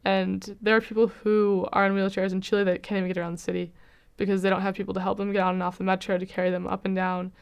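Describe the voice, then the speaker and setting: Young american college woman telling her story, super smooth clear voice, pretty flat and even, candid. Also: mid-range voice, fast talker, few pauses. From United States. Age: young adult. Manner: reflective and candid, with frequent "kind of" hedges. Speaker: university student. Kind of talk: personal testimonial.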